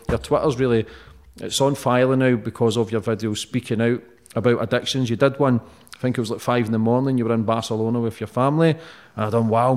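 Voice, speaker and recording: A man hosting a podcast, talking bluntly and warmly, swearing freely as he praises his guest. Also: mid-range voice. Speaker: podcast host. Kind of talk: casual interview chat.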